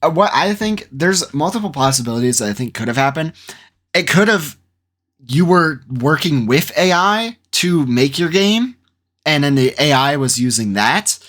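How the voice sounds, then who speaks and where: A man's voice: a little high, lively intonation, moderate pace, a bit bright. A man hosting a commentary channel, talking casually and skeptically, rambling with fillers and restarts.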